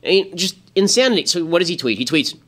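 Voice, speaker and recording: A man in his thirties delivers a rapid-fire political monologue, his voice bright, tense and pitched a little high for a man. He piles on sarcastic rhetorical questions with exasperated energy, hosting his own commentary show. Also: lively intonation.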